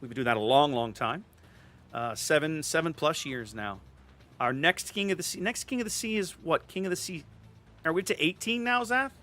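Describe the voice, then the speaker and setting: A man's voice: on the high side, moderate pace, bright, forceful tone, soft background music. A man streaming a video game, chatting casually with viewers and often repeating words as he thinks. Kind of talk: casual live-stream commentary.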